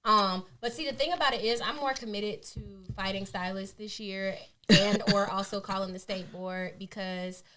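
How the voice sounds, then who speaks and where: A woman's voice: medium pitch, fairly even intonation, normal speed, crowd noise. A woman co-hosting a podcast, chatting casually and telling blunt, profane stories with acted-out quotes. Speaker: podcast co-host. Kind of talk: casual chat.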